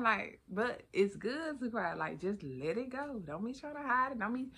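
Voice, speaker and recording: A woman's voice: mid-range voice, lively intonation, unhurried, vocal fry, a bit bright, slightly rough. A woman hosting her own vlog, talking casually and expressively to viewers with loose asides and restarts. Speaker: vlog host. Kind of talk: casual motivational vlog talk.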